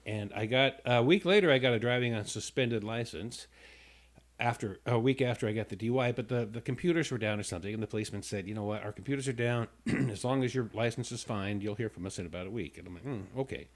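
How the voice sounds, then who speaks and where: A man's voice: medium pitch, quick pace. A man hosting a radio talk show who tells a long personal story casually, with stumbling restarts, and acts out the people in it.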